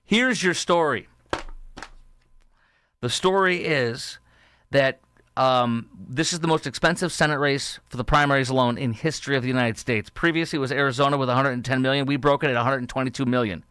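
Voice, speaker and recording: A man's voice: medium pitch, brisk, fairly bright tone, clean tone, dry recording, studio quality. A man hosting a political talk show, combative and sarcastic, reading quotes aloud and rebutting them. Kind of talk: political commentary monologue.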